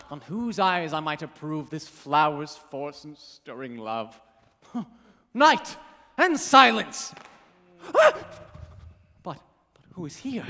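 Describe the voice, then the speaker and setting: A man acting out an impish sprite who giggles through his verse in a swooping, theatrical stage voice. His pitch leaps around freely. A long hall reverb hangs behind it. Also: pushed and bright, exaggerated voice.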